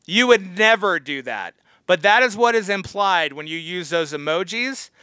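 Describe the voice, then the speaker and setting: A man's voice: high voice, lively intonation, moderate pace, sharp tone, smooth, dry recording, clean studio sound. A man teaching a Bible study as a pastor, blunt and harsh, scolding his listeners. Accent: American.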